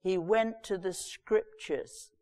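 A woman giving a sermon, reading scripture and retelling it with lively, chatty asides. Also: medium pitch, takes it slowly. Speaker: preacher. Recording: long reverb of a large hall.

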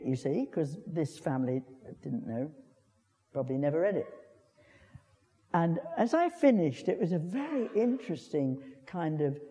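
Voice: mid-range voice, warm tone. An older preacher gives a chatty sermon, repeating words and putting questions to the congregation. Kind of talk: conversational sermon. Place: church. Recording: long church reverb.

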